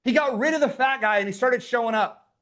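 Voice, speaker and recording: Very high-voiced, fired-up male coach. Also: brisk, a bit bright. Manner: fired-up and pushy, with casual swearing. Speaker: business coach running a workshop. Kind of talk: live online motivational workshop.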